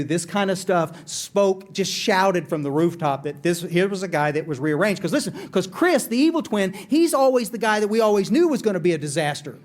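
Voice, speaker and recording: A middle-aged man tells his recovery story with candid, self-deprecating humor. His voice sits high for a man, and he speaks straight to the people in the room. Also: animated, normal speed, hardly any pauses. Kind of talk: recovery talk. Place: conference hall.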